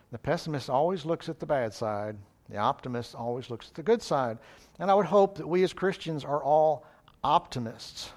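A man preaching a sermon, reading scripture and telling folksy joke stories, clearing his throat now and then. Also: mid-range voice. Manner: folksy storytelling with jokes.

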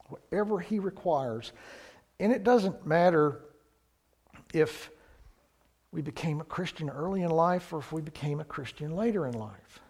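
A man preaching a sermon, earnest and unhurried, who gets louder on the points he stresses. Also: high-pitched. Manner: slow, earnest, rises in volume on key points.

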